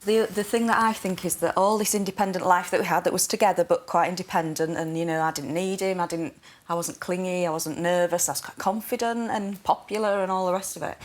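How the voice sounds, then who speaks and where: A woman's voice: lowish voice, steady tone, fairly quick. A mother in a counselling session, crying as she speaks to her husband in a tearful, pleading and reproachful way. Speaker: mother in family therapy. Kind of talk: emotional confrontation in counselling.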